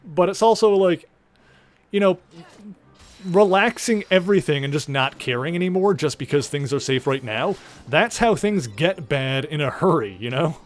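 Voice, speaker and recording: Male streamer, casual rambling game commentary, casual swearing, slightly higher voice, soft music bed. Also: animated, normal speed.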